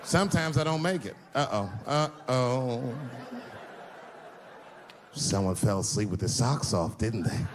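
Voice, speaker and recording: A man performing stand-up comedy, telling a story and acting out characters in an animated way. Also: brisk, hardly any pauses, background noise. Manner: animated, acts out characters with high-pitched voices. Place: live comedy venue with audience laughter.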